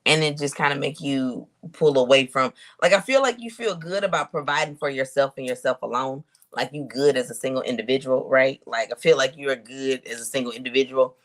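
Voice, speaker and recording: A woman giving a casual spiritual reading to her viewers, thinking aloud with drawn-out hums and pauses and talking to them in a colloquial, direct way. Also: extremely low pitch. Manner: colloquial, addresses viewers as y'all. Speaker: intuitive reader.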